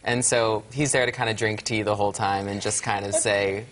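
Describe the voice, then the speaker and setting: A man's voice: lowish voice, steady tone, brisk, a bit bright, slight background noise. A young man, a student actor, chatting easily and chuckling as a guest in a TV interview. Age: young adult. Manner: easygoing, chuckling. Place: TV studio.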